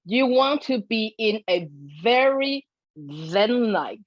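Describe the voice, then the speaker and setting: A woman dog behavior consultant explaining pet handling in an animated way during an educational webinar, heard over a video call. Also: on the high side, takes it slowly, no room sound. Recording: dull dry video-call audio.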